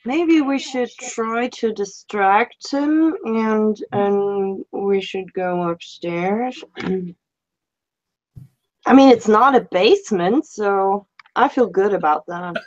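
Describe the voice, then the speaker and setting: A woman playing a tabletop game, talking through plans in a measured way. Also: medium pitch, highs cut off. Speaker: tabletop player.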